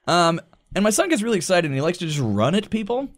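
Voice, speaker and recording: A man in his thirties co-hosting a podcast, telling a story in a casual, animated way, acting out quoted voices and swearing freely. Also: high voice, fast talker. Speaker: podcast co-host. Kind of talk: casual storytelling among friends.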